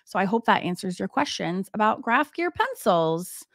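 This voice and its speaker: A woman's voice: medium pitch, sing-song, moderate pace, fairly bright tone, dry recording. A woman in her forties, an art teacher hosting a livestream, chatting casually with many fillers and laughs.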